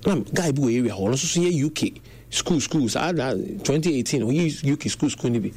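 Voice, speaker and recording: A young Ghanaian man with a Ghanaian accent tells stories in casual conversation, animatedly switching between Twi and English. His mid-range voice is brisk with a breathy edge, and there's faint background noise in the recording.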